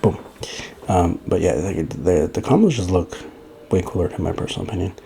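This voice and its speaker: A man's voice: low voice, lively intonation, a little fast, gravelly, dark tone, a little hiss or hum. A young man giving casual, rambling gameplay commentary for a fighting-game guide, a little out of breath. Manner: rambling, loose, with many fillers and restarts. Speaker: gaming guide creator.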